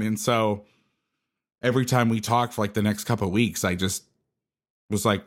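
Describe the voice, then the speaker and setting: A man's voice: mid-range voice, brisk. A man who coaches football, telling a casual story and acting out the conversations in it.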